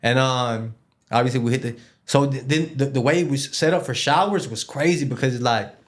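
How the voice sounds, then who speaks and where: A man's voice: mid-range voice, brisk. Man telling a slangy, rambling prison story. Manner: loose street slang with Spanish words mixed in; rambling, with many fillers and repeated words. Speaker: interview guest. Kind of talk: casual storytelling.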